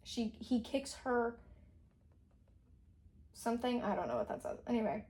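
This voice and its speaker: A woman's voice: on the high side, big pitch swings, unhurried, a little mellow, slightly rough. A young adult woman casually recapping a novel's plot as a book reviewer, rambling and saying "like" constantly. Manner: rambling, heavy use of "like".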